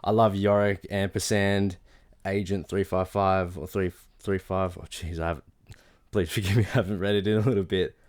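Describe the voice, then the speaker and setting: A man's voice: low-pitched, level tone, normal speed, darkish tone. A young Australian man chatting casually in a video journal, enthusiastic and rambling, with many fillers and restarts. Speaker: vlogger.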